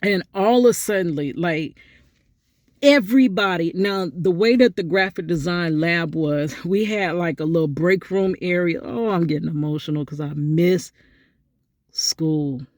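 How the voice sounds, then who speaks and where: A middle-aged woman vlogging, telling a story in a chatty, animated way and talking straight to her viewers. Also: unhurried, dry recording, clean studio sound. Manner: animated, acts out quotes with big pitch jumps; chatty, addresses viewers directly. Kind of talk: casual storytelling vlog.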